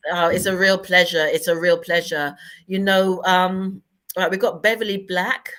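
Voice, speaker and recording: Bubbly British host, playful chatter over a video call. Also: female voice, lowish voice, fairly even intonation, moderate pace, a bit bright. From Britain. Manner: bubbly, playful, laughs often. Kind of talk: online talk show hosting.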